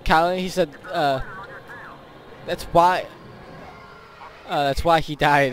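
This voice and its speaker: A man's voice: fairly high pitch, measured pace, pauses often. A teenage boy giving rambling, goofy commentary over a game he is playing, with silly sound effects. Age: teens. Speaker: gaming YouTuber. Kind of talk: casual gameplay commentary.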